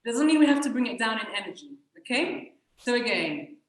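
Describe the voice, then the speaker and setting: A woman's voice: fairly high pitch, very animated, brisk. A woman teaching a flamenco dance workshop, energetically counting the rhythm aloud in syllables. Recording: echoey room, distant mic, loud noise.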